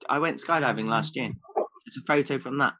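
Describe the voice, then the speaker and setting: Comic podcast co-host, male, mid-pitched, sarcastic and defensive. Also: a little fast, pushed and bright. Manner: defensive, sarcastic jokey replies. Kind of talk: comedic podcast banter.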